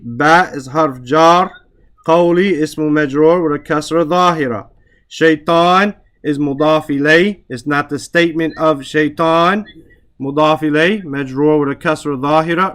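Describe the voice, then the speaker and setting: A man's voice: a little high, fairly bright tone. A man teaching an Arabic grammar lesson, explaining step by step in English with Arabic terms and often checking with "right?".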